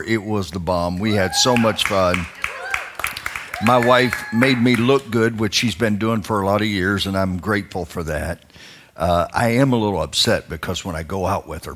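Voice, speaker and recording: This is a middle-aged male pastor with a very low voice, preaching in a church. He jokes easily with the congregation, then turns earnest and encouraging as he talks about leadership. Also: a bit bright. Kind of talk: sermon.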